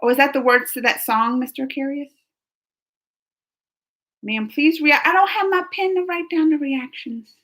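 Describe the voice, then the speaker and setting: A woman's voice: high-pitched, moderate pace, long pauses, a bit bright. A woman streamer chatting casually with her viewers, reading chat comments aloud and laughing often.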